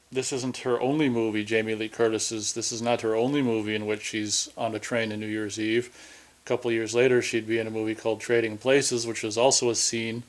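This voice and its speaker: Rambling man chatting. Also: medium pitch. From Minnesota. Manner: rambling, chatty, self-interrupting. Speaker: film commentator. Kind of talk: casual movie commentary.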